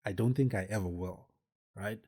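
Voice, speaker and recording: A man's voice: lowish voice, normal speed, mellow, slightly rough. A man hosting a podcast, telling a personal story casually in a rambling way, with many fillers and restarts. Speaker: podcast host.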